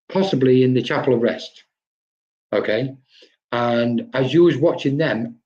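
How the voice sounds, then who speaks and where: A man's voice: mid-range voice, a little mellow. A man with a mid-range voice gives psychic readings on a live stream. He talks in a loose, chatty way and tags his lines with a questioning "okay?". The audio is dull and lo-fi. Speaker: psychic medium.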